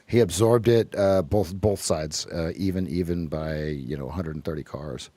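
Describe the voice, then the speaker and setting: A deep-voiced man hosts a live trading stream, calling out prices in quick, joking commentary. His voice is husky, and the sound is dry and close. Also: dark tone, no room sound.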